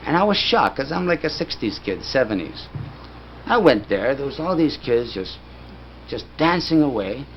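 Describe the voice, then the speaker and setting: A man's voice: mid-range voice, big pitch swings, moderate pace. Older man, casual anecdotal storyteller, acts out both sides of old conversations, muffled lo-fi take with faint noise. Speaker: filmmaker recounting his career. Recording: dull lo-fi recording with faint background noise.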